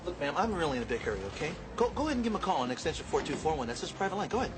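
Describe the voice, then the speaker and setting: A man's voice: a little high, big pitch swings, very fast, background noise. An actor playing a firm, pushy man who gives orders in a TV drama. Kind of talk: TV drama acting.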